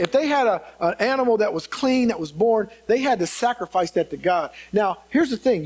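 Man, pastor, high-pitched voice, emphatic sermon delivery, repeats words for stress. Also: darkish tone, husky, poor audio. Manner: emphatic preaching, repeats key words, calls out "come on".

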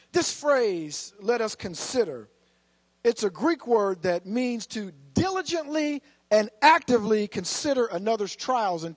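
A man with a very high speaking voice preaches a sermon. He shifts between easy, conversational asides and loud, emphatic bursts. The sound is dry and close, with no room echo. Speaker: pastor.

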